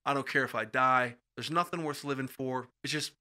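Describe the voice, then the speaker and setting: A middle-aged American man telling personal stories as a podcast guest, animated and acting out quoted voices. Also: mid-range voice, a little fast. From USA. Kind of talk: casual storytelling in conversation.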